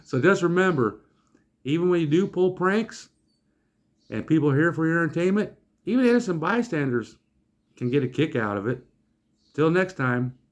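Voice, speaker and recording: A man hosting his own channel, telling a story in a casual, animated and joking way with a folksy manner. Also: medium pitch.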